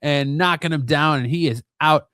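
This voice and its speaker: A man's voice: fairly high pitch, normal speed, pushed and bright, dry recording. A man in his thirties or forties, hosting a casual comic book recap with an enthusiastic, slangy way of talking. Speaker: comic book video host.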